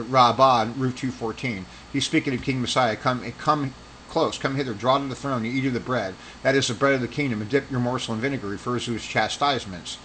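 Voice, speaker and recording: A man's voice: mid-range voice, fairly bright tone, a little hiss or hum, low-quality recording. A man giving a casual religious commentary monologue, rambling and argumentative, with heated accusing stretches. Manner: rambling with restarts.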